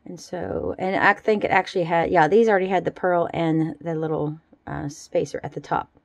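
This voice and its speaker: A woman casually showing off her handmade jewelry in a relaxed, chatty way at a home craft table. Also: on the low side, moderate pace, creaky, no room sound. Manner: chatty, relaxed, fond little asides. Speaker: jewelry-making vlogger. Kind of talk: casual show-and-tell.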